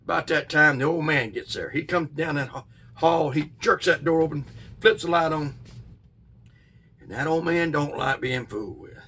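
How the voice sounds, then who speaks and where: A middle-aged man, telling a childhood ghost story in a folksy, drawn-out way with sudden bursts. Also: fairly high pitch, sharp tone, distant mic. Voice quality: gravelly, husky. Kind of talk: casual spoken ghost story.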